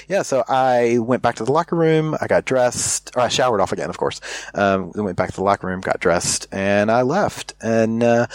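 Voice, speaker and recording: Man from the US, candid casual storytelling, low pitch, dry sound, fillers and restarts. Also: no room sound. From United States. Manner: rambling, with frequent fillers and restarts.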